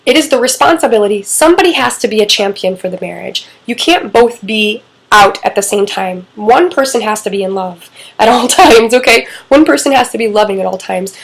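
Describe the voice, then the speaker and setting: A woman's voice: mid-range voice, expressive, a little fast, vocal fry, low-quality recording. A middle-aged woman coaching on relationships in a casual, candid talk, swearing freely and acting out quoted lines.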